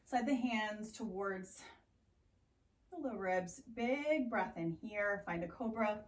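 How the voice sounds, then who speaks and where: A woman teaching a yoga class, giving calm, steady breath cues with playful sounds. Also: medium pitch, slow pace. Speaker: yoga instructor. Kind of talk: guided yoga class cueing. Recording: roomy echo, voice from a distance off the mic.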